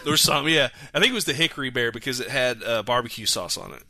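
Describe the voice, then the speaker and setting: A man's voice: mid-range voice, expressive, rapid-fire, pushed and bright, no room sound. A man, rambling through childhood stories in casual chat as a podcast host. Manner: rambling, self-correcting storyteller.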